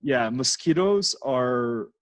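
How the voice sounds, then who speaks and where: A man's voice: mid-range voice, animated, slow, a little hiss or hum, rough recording. A man from Canada, a podcast guest, chatting casually and rambling through stories with lots of fillers. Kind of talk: casual chat.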